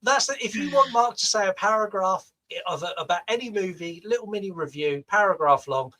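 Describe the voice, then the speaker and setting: Brief: high, bright Southern British man, podcast co-host, playful and pushy. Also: animated, a little fast, low-quality recording. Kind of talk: casual podcast banter.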